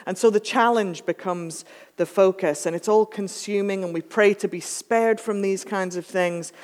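A pastor preaches in an easy, conversational way, slipping in wry jokes as the sermon goes. The voice sits at a middling pitch and rings out with the long reverb of a church sanctuary. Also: normal speed. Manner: relaxed, chatty, joking asides.

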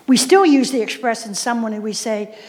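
A woman's voice: fairly high pitch, a little fast, darkish tone. A woman preacher giving a sermon, emphatic, repeating key phrases and putting questions to the congregation. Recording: reverberant hall sound.

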